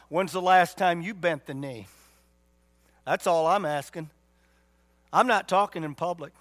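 A man's voice: high-pitched, fairly bright tone. A man pastor preaching a sermon with emphatic rhetorical questions and folksy asides.

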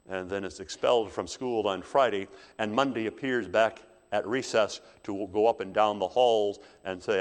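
A male preacher delivering a sermon, dramatic, swinging from hushed asides to loud emphasis. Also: fairly low pitch. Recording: long hall reverb.

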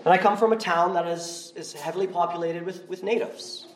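A male pastor preaching a sermon in a church, conversational and animated. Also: high voice, a little fast, slight background noise. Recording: roomy, from far off the mic.

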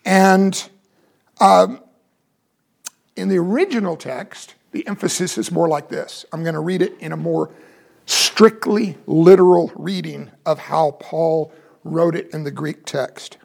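Gravelly, high-voiced man teaching the Bible. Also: unhurried. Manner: explanatory, asks questions.

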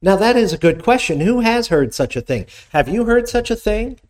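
A man's voice: high voice, sing-song, normal speed, darkish tone. Male pastor, conversational sermon delivery, reads verses aloud then explains them, asks the congregation questions.

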